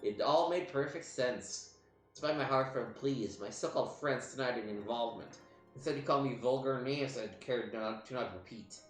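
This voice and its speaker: Brief: bitter disgraced lancer villain read by a man, theatrical and sneering, mid-pitched, roomy sound. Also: moderate pace, faint music behind, natural voice. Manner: theatrical, scornful read-aloud.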